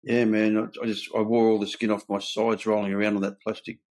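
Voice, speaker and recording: In a fast, fairly low and slightly mellow voice with a level tone, an older Australian man hosts a candid talk. He shares his own recovery story bluntly and earnestly, bringing in quoted dialogue as he goes.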